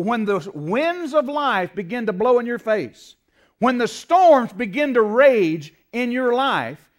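A man preaching a sermon, emphatic and rising to loud peaks when quoting scripture, often asking the congregation to call out the next word. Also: very high-pitched. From United States. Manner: asks the congregation to fill in words.

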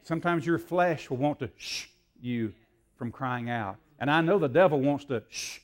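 An older man preaching a sermon to a church congregation, asking the crowd questions and building to loud shouts. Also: medium pitch, moderate pace. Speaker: pastor. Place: church sanctuary.

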